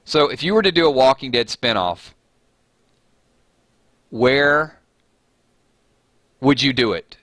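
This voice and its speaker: Southern guy hosting a live chat, bright voice, jokey and self-mocking, dry close sound. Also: mid-range voice, big pitch swings, fairly quick, few pauses, no room sound. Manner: chatty, reads viewer comments aloud, joking and self-mocking. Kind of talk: casual live-stream chat.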